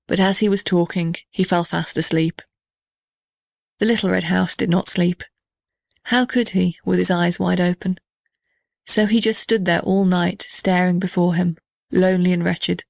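A woman reading a children's storybook aloud in a gentle, measured way. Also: lowish voice, flat delivery, vocal fry, no echo, studio quality. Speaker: narrator.

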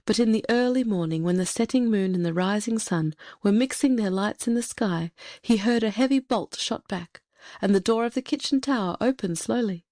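A woman narrating a fairy tale in a measured, expressive storytelling manner. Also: medium pitch, no echo, clean studio sound.

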